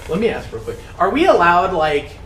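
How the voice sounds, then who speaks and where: A man's voice: high voice, big pitch swings, a little fast, fairly bright tone. A teenage boy leading a classmate through a party guessing game, bossy and giggly. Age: teens. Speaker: student game leader. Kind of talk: casual chat, party game. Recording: roomy, distant mic, faint room noise.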